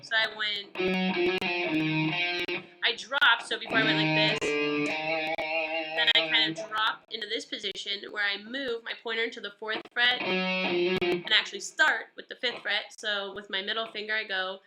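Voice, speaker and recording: A woman's voice: medium pitch, steady tone, moderate pace, long pauses. A woman with a stuffy nose giving a chatty, upbeat live-streamed guitar lesson. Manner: chatty and upbeat, greeting viewers by name. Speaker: guitar teacher. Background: guitar playing.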